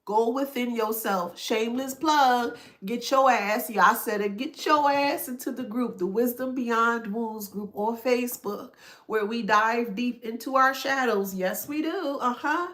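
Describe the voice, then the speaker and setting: A woman's voice: a little high, unhurried, fairly bright tone. A woman talks straight to her viewers in a motivational self-help style. Her delivery is emphatic and preachy. She drives points home by repeating them and often checks that they follow. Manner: emphatic, preachy, repeats herself, asks "that makes sense?". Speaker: spiritual self-help vlogger. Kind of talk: motivational talk to camera.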